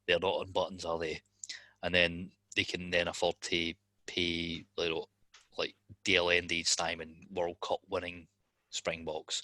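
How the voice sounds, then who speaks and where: A man's voice: sits low, pushed and bright, no echo. A man in casual podcast banter, joking and laughing often between remarks.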